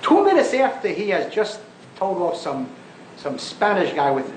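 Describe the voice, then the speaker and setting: Male rabbi, high lively voice, emphatic and scornful, lecturing in a roomy hall; old archival lecture recording. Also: moderate pace, a crowd in the background, noisy background. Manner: emphatic, mocking, rhetorical questions. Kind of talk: impassioned public lecture.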